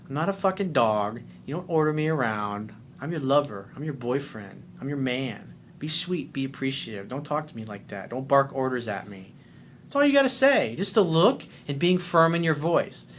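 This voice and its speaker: A man's voice: mid-range voice, very animated, moderate pace, a little hiss or hum. A man working as a dating coach, answering a listener's letter in a blunt, profane way and acting out little scenes.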